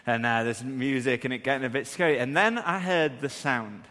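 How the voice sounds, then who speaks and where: Preacher telling stories in a big hall. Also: male voice, medium pitch, fairly quick, few pauses. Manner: animated, self-deprecating, acts out scenes. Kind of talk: humorous sermon storytelling.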